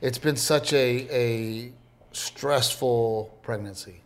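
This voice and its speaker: A man in his thirties co-hosting a podcast in casual chat, telling stories and acting out quotes with big jumps in voice. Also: takes it slowly. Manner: animated storyteller, acts out quotes with big pitch jumps. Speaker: podcast co-host.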